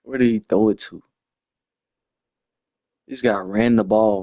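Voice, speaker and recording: A man's voice: on the low side, fairly even intonation, unhurried, dark tone, no room sound. A man, breaking down a lost football video game in a frustrated, slangy ramble on a livestream. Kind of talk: casual game replay breakdown.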